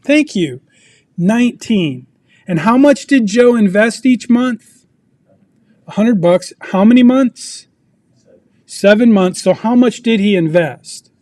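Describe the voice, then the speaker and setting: A man's voice: high-pitched, animated, takes it slowly, long pauses, darkish tone, no room sound. A man presenting a personal finance lesson to a group, telling a story and quizzing the audience as he goes. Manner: asks the audience questions, storytelling. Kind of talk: interactive teaching talk. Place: video meeting.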